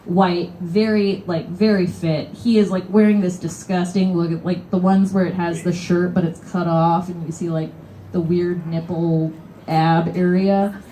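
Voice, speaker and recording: A woman's voice: fairly low pitch, little pitch movement, measured pace, warm tone, a little hiss or hum. A young woman from Kentucky telling a comedic story at a live show in a bookstore cafe. She rambles and swears, with lots of "like". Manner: rambling, profane, heavy use of "like". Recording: roomy live venue sound.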